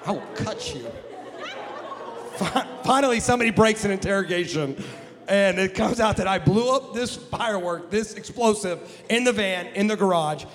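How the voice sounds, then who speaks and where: A man from the Midwest, a guest pastor telling a comic story in a sermon, animated and jokey with bursts of shouting. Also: high voice, moderate pace, a faint crowd. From American Midwest. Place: church sanctuary. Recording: long hall reverb in a church.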